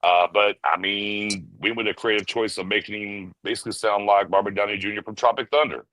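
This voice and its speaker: A man co-hosting a casual podcast, giving an animated film review and briefly mimicking characters as he tells it. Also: on the low side, slight background noise, rough recording. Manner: animated storyteller, mimics characters in quick bursts. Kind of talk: casual chat.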